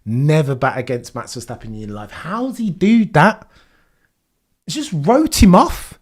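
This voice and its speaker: A young man doing live reaction commentary for his stream chat, swinging between excited shouts and low, disbelieving muttering. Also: measured pace. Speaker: livestream watchalong commentator.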